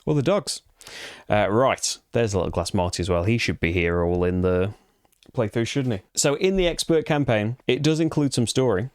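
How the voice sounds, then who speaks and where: A man's voice: lowish voice, animated, normal speed, clean tone, no echo, studio quality. Chatty man explaining board game rules. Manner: chatty, rambling, with frequent fillers and restarts. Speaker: board game channel host.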